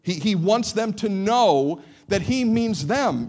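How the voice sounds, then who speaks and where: A man preaching a sermon with animated emphasis and frequent repeated words. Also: high voice, slow pace, hardly any pauses. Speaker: pastor.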